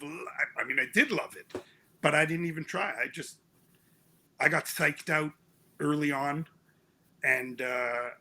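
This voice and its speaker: Gravelly high-voiced man telling stories. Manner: animated, acts out his parents' voices. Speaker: author guest. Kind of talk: storytelling in an interview.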